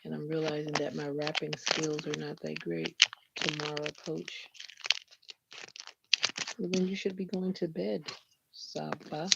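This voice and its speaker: A woman's voice: sits low, level tone, a little slow, vocal fry, long pauses. A woman hosting a casual livestream, chatting with viewers and greeting them by name, her voice a bit stuffy as if catching a cold. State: slightly stuffy, sounding like a cold. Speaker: livestream host. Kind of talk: casual live chat with viewers. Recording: dull lo-fi stream audio with faint noise.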